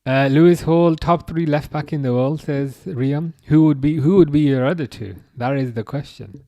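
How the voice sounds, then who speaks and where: A man in his thirties runs a live stream, chatting casually, reading viewer comments aloud, stumbling into restarts, and tossing out dry jokes. His voice is a little high and mellow, recorded with no room sound.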